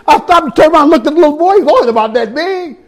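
Man, very high voice, preaching a testimony, street slang mixed with scripture, repeats words. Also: lively intonation, quick pace. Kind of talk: sermon testimony.

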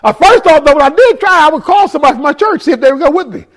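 A man telling his life story as a testimony, emphatic, sinking low and quiet when he warns. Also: lively intonation, very fast. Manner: emphatic, drops low and quiet for quoted warnings.

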